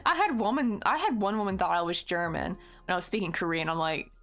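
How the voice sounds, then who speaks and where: Faint music plays behind a Tennessee woman whose voice is on the low side and a bit bright, with a light West Tennessee Southern accent. She talks fairly quickly, meandering through casual chatter full of fillers while crocheting on a livestream.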